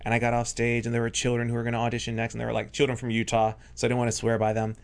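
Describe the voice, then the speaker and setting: A man's voice: medium pitch, completely flat delivery, very fast, vocal fry, smooth. A man, a stage hypnotist, telling stories in a rambling casual chat, full of fillers and acted-out quotes. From raised Catholic. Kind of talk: casual podcast chat, storytelling.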